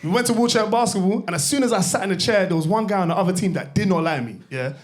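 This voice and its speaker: Young man, stand-up comedy, high voice, rapid, slangy, self-mocking. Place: comedy club stage.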